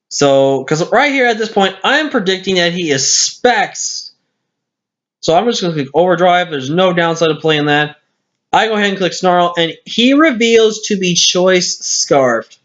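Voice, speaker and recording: Over a game replay, the same weary, hiccuping commentator rambles and corrects himself in casual fashion. His voice is fairly high and a bit bright, picked up by a lo-fi screen-capture mic.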